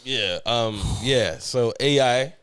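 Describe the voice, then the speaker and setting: A man's voice: medium pitch, takes it slowly, a bit bright, smooth. A man, co-hosting a casual podcast chat, laid-back and full of banter. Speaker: podcast co-host.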